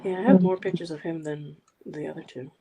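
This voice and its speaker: A woman's voice: low voice, fairly even intonation, a little fast, creaky, noisy background. Playful chatty woman co-host. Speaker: podcast co-host. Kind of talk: casual chat.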